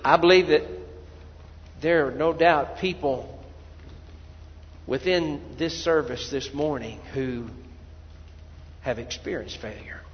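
A man preaching a sermon as pastor, swinging from quiet, low asides to loud, pleading cries. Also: takes it slowly, pauses often, big-room sound, dull audio, slight background noise. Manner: preaching with sudden loud cries when voicing people praying.

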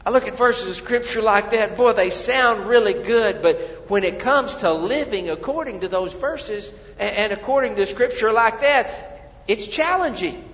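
A man preaching a sermon as pastor, animated, swinging between loud urging and hushed asides. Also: high voice, moderate pace, hardly any pauses. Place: church sanctuary. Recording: dull, reverberant church hall.

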